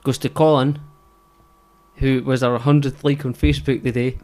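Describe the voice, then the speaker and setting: Young Scottish male co-host, halting storyteller, swears a lot. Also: medium pitch, level tone, a little mellow. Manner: halting, sheepish, swears often. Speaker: podcast co-host. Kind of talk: casual chat, storytelling.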